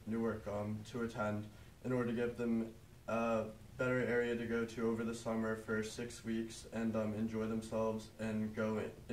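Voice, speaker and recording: A man's voice: mid-range voice, a little hiss or hum. A young man, an Eagle Scout honoree, explaining his project earnestly with frequent ums. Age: young adult. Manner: earnest, hesitant with many ums. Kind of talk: prepared public remarks. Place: large public meeting room. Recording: echoey, distant meeting room.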